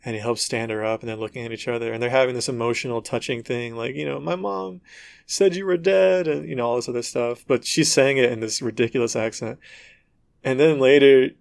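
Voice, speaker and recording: A man co-hosting a casual gaming podcast, telling stories in an animated way and acting out dialogue. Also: medium pitch, fast talker, clear, resonant tone, no echo. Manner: animated storytelling, acts out dialogue in quotes. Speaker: podcast co-host. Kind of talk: casual chat.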